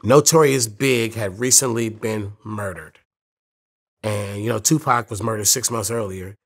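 A man's voice: lowish voice, steady tone, measured pace. A man in his fifties, a rapper guest in an interview, telling stories in a laid-back, profane way. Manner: laid-back, profane, quotes people in voices. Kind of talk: casual storytelling interview.

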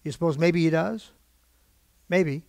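A man preaching from the pulpit to his congregation, conversational and openly emotional, often putting questions to the room. His voice sits a bit high with a gravelly edge. The recording is close and dry. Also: a little slow, darkish tone, dry recording. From United States. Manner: emotional, gets worked up. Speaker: pastor. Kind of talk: sermon. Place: church pulpit.

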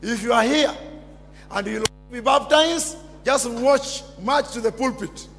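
A man preaching a sermon as pastor, emphatic and repetitive, bursting into shouts. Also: very high voice, measured pace. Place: church. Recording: long church reverb with music behind.

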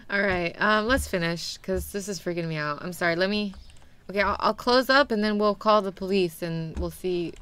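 A woman's voice: medium pitch, moderate pace, fairly bright tone, clean tone. A young woman streaming a game, chatting animatedly with her viewers and laughing often. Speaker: VTuber streamer. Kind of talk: casual gameplay commentary.

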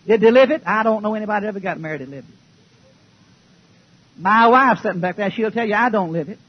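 A man preaching a fiery sermon to a church congregation, folksy and joking, sometimes shouting. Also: high voice, fast, slightly rough, lo-fi sound.

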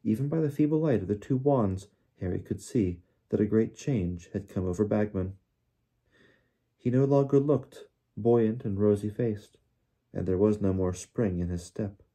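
A man reading an audiobook aloud in a steady storytelling manner. His voice sits low, with a very dark, mellow color. A husky, breathy grain runs through it. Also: normal speed. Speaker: audiobook reader. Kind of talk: audiobook narration.

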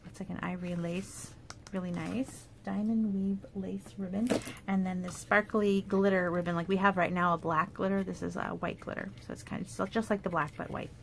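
A woman's voice: lowish voice, fairly even intonation, normal speed, gravelly, a little hiss or hum. Chatty woman showing craft supplies. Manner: chatty, enthusiastic, with fillers and asides. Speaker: paper craft demonstrator. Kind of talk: casual product show-and-tell.

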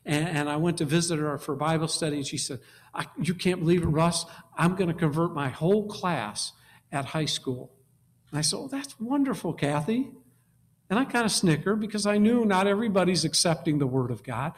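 A man preaching a sermon, emphatic, repeating key words and swinging from quiet low passages to loud exhortation. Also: animated, brisk.

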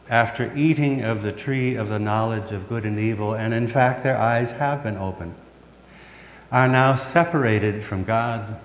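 A middle-aged pastor delivers a sermon in a church sanctuary, asking the congregation questions and then answering them himself. His voice is medium-pitched, and the recording carries the reverberation of the church hall along with slight background noise.

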